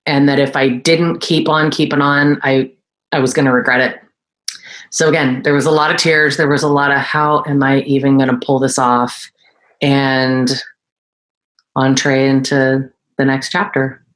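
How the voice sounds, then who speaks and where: A woman with a low voice tells her story in a relaxed interview. She is in her forties and works as an esthetician. She gets animated and jumps into a higher pitch when she quotes other people. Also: normal speed. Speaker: guest, esthetician and entrepreneur.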